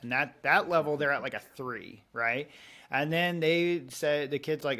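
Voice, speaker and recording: A man's voice: mid-range voice, steady tone, brisk, sharp tone. A man in his thirties on a podcast, earnestly explaining a parenting method and acting out little example conversations. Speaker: parenting coach guest.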